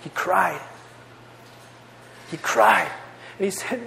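A man delivers a youth sermon in an earnest, conversational way, looping back on his phrases for emphasis. His voice sits high. The sound carries a long reverb from a large hall. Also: moderate pace, pauses often, fairly bright tone. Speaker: youth pastor.

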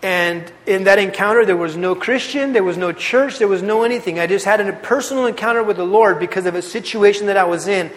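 A young man giving a casual, animated testimony to a youth group, telling his story with slang. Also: high-pitched, fairly quick, hardly any pauses. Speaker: youth speaker. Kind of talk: testimony sermon. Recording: long hall reverb.

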